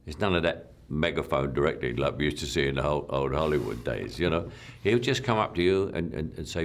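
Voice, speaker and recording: Older man with a very deep voice. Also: expressive, brisk, few pauses, a little hiss or hum. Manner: rambling, repeats words, soft trailing asides. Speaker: actor being interviewed. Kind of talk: reflective interview talk.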